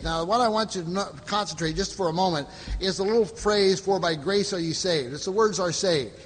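A man with a high voice leads a Bible study, reading verses and explaining them in a plain, unhurried way. He stops often for fillers and restarts. The sound carries a long reverb, as in a large hall. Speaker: Bible teacher.

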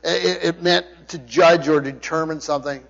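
Emphatic preacher in a reverberant hall. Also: male voice, a little high, steady tone, moderate pace, vocal fry, fairly bright tone. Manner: emphatic preaching with frequent restarts and word study. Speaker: pastor. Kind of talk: sermon. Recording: dull sound with long hall reverb.

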